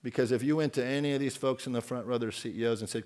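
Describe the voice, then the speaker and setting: A man's voice: mid-range voice, fairly even intonation, racing, darkish tone. Outspoken man giving a keynote. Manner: outspoken, emphatic, asks the audience questions. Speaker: keynote speaker. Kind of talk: conference keynote speech.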